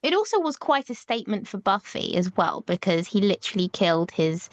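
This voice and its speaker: A woman's voice: medium pitch, big pitch swings, brisk, no echo, lo-fi sound. A woman co-hosting a TV rewatch podcast, chatting casually, laughing often and restarting her sentences. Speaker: podcast co-host. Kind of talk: casual chat.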